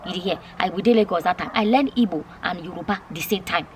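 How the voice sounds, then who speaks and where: A woman's voice: fairly low pitch, fast talker, slight background noise. A Nigerian woman vlogging to camera, chatting casually, repeating her points and asking viewers questions. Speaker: YouTube vlogger.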